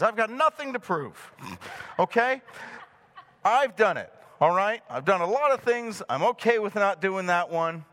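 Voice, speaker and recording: A middle-aged male pastor preaching to a live congregation, telling a personal story with animated delivery and frequent chuckles. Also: high-pitched.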